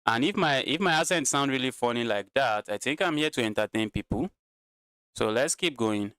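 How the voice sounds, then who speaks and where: Tired guy commentating his chess stream, smooth voice, says stuff twice, dry close mic. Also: mid-range voice, lively intonation, moderate pace, a bit bright, no room sound. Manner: repeats himself, talks to chat.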